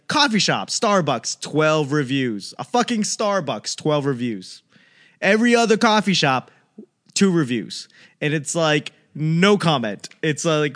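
Rambling, joking man, slightly high voice. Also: fairly bright tone. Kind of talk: casual monologue.

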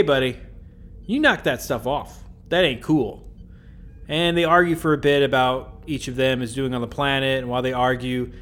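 A podcast host with a mid-range, somewhat bright voice recaps an episode casually, cracking jokes, chuckling, and wandering off into rambling asides.

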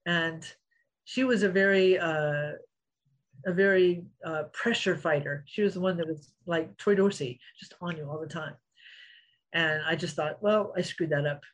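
In a storytelling interview, a middle-aged woman who used to be a fighter animatedly recounts stories, acting out quotes and laughing often. Her voice is lowish and her pace measured, though the recording is low quality.

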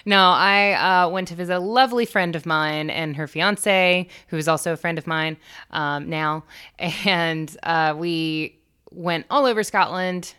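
A woman's voice: lowish voice, measured pace, pushed and bright, smooth. A young American woman co-hosting a podcast, chatting casually with crude jokes and plenty of swearing. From United States. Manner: crude, joking, swears freely. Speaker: podcast co-host. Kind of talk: casual chat.

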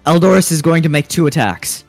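A man narrating a tabletop game as game master, unhurried and hesitant with fillers. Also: a little high, lively intonation, gravelly, faint music behind.

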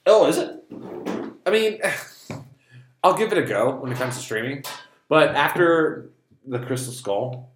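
A man co-hosting a casual podcast, joking and swearing in a loose, animated way. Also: fairly high pitch, a little slow, pauses often. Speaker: podcast co-host. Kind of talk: casual chat. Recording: echoey room with faint noise.

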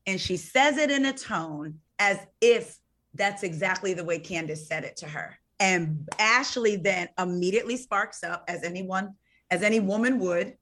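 A woman guest on a casual podcast, recounting events in an animated storytelling way. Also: mid-range voice, normal speed.

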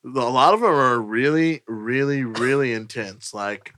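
A man, chatting as a podcast guest and telling stories in an animated way. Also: mid-range voice, measured pace. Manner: animated storyteller, acts out scenes. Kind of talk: casual chat.

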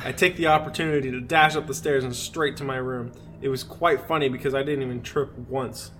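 A man's voice: medium pitch, fairly even intonation, fairly quick, a bit bright, a little hiss or hum. Man reading a creepy story aloud, laughing. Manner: laughs through the reading, breaks off to joke. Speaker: podcast co-host.

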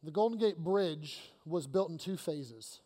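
A pastor preaching an emphatic, energetic sermon to his congregation, repeating phrases for emphasis. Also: fairly high pitch, a little slow. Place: church sanctuary. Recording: long reverb of a church hall.

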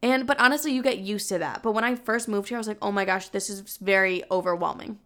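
A woman's voice: mid-range voice, fast talker, a bit bright. A woman in her twenties chatting candidly as a vlogger, full of filler words and casual swearing. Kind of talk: casual chat.

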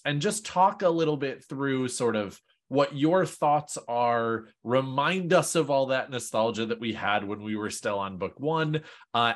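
A man's voice: medium pitch, fairly bright tone. Rambling, easygoing man hosting. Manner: rambling, laughs easily, many likes. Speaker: podcast host. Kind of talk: casual podcast chat.

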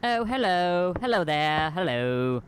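Male actor plays a naive, gushing playboy academic; sing-song and unhurried, audio comedy. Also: high-pitched, sing-song, slight background noise, exaggerated voice. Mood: prim. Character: pompous rich young male pirate scholar.

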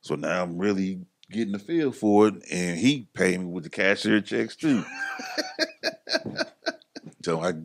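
Lively storytelling man, low voice. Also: a little slow, creaky, pauses often. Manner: animated, acts out others' lines in a higher voice. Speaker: podcast guest. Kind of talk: casual storytelling.

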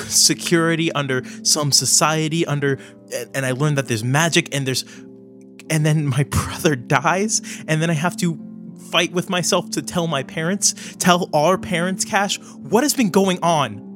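A man's voice: on the high side, unhurried, music in the background, pitched above the performer's own voice, lightly acted. A man voicing a furious, tearful sister. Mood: angry, tearful. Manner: pleading, accusing, voice rising. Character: tearful, furious young woman, the hero's sister.

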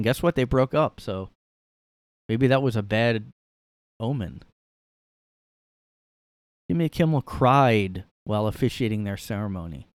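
A man's voice: lowish voice, lively intonation, measured pace, long pauses, dry recording. A man hosting a casual solo podcast from his room, ranting sarcastically and rambling through his opinions. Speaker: podcast host.

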